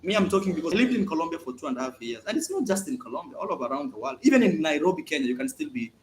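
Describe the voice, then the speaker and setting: A man talks straight to camera in a casual home vlog. His high voice swings a lot as he repeats words for emphasis. Faint noise sits behind him. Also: racing. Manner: animated, emphatic storytelling with repetitions. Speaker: vlogger. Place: at home, indoors.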